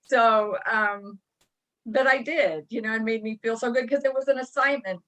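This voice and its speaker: A woman's voice: fairly high pitch, steady tone, normal speed, fairly bright tone. A woman in California joining a video call, telling a rambling personal story with many hesitations. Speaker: participant on a coaching call.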